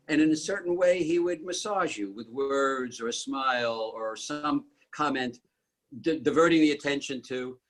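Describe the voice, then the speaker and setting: A man's voice: on the high side, normal speed. Older man telling wry stories. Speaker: late friend's father. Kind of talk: casual reminiscing.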